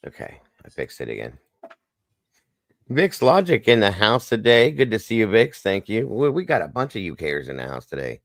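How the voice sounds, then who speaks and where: A man's voice: lowish voice, huge pitch swings, moderate pace, no echo. A man hosting a casual live stream, greeting viewers by name and plugging their channels in a jokey, upbeat way. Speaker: livestream host.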